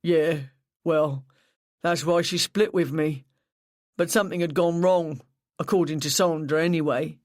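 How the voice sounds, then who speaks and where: A narrator voicing Darren, a grieving, sullen young man who mumbles flat, curt replies in a dry recording. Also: on the high side, measured pace, no room sound, close to an everyday voice.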